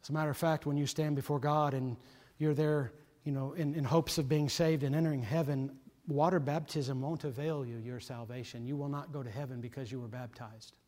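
A man's voice: medium pitch, fairly even intonation, a little fast. Earnest preacher man in a reverberant hall. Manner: earnest, urgent, swinging from loud emphasis to hushed tones. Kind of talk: sermon.

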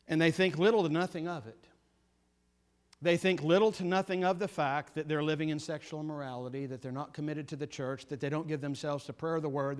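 A man preaching a sermon with fervent emphasis, repeating phrases and swinging between urgent force and hushed gravity. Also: a little high.

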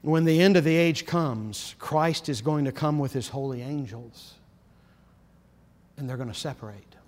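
A man preaching a sermon as pastor, earnest and insistent, often dropping to a low, solemn emphasis. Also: measured pace, a little mellow, in a large hall.

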